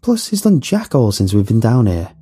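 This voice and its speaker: A man voicing a brash, violent young man in a sewer crew who talks loud and cocky. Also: lowish voice, huge pitch swings, moderate pace, slightly rough, full character voice. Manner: loud, cocky, mock-preachy.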